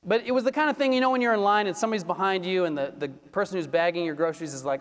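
A man preaching a sermon in a high, light voice, with long reverb from a church hall. He tells stories in a chatty, everyday way and lowers his voice when he prays. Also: fast talker, hardly any pauses. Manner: conversational storytelling, drops to a soft low voice in prayer. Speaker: pastor.

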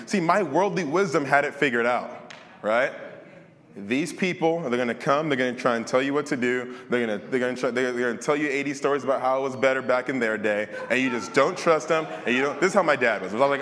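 A man's voice: medium pitch, a little fast, a bit bright, in a large hall. A young adult man preaching a sermon and telling a personal story in a candid, conversational way.

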